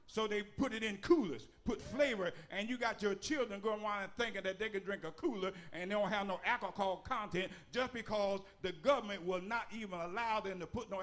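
Male bishop, high bright voice, rhythmic folksy preacher who shouts his lists. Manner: folksy, with dialect grammar and humor. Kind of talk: sermon.

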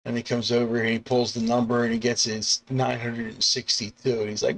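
Gravelly middle-aged man, rambling chat. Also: flat delivery, moderate pace, a bit bright, a little hiss or hum. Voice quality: rambling, with restarts and chuckles. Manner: acts out quoted lines in sudden high yelps. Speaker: comic artist and bus driver. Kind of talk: casual live-stream chat about artwork.

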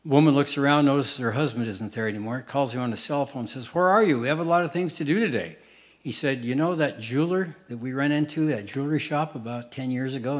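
An older man doing stand-up on stage, telling quick deadpan one-liners to a live audience. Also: medium pitch. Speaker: stand-up comedian. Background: audience laughter.

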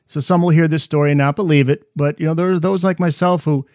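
A man's voice: fairly high pitch, fairly even intonation, fast, darkish tone, no echo, studio quality. A male host in a casual interview who reacts with short remarks and asks questions.

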